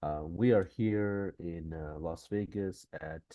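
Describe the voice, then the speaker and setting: A man's voice: sits low, takes it slowly, dry recording, muffled recording. Congested man hosting a live stream. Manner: chatty, with many fillers and restarts. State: congested, nasal from a cold. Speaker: host of a live-streamed course session. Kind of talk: casual live-stream talk to viewers. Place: conference venue.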